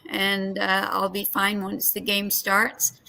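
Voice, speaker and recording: A Canadian woman guest giving an unhurried, warm pep talk about an upcoming game. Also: medium pitch, monotone, creaky, low-quality recording. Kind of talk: casual video interview.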